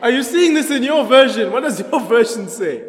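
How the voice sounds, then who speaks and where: A man's voice: extremely high pitch, animated, normal speed. A man leading an interactive Bible study, chatty, laughing often and quizzing the group. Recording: echoey hall.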